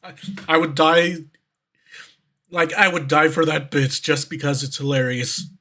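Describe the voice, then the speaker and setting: A man's voice: on the high side, steady tone, measured pace, bright, forceful tone. A man streamer giving casual reaction commentary who rambles, swears, and fills his talk with fillers and restarts.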